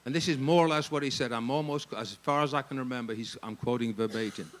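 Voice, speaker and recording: An English man speaking at a ministry staff gathering, telling humorous stories in an animated, jokey way and laughing often. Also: medium pitch, fast, a little hiss or hum. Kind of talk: humorous storytelling talk.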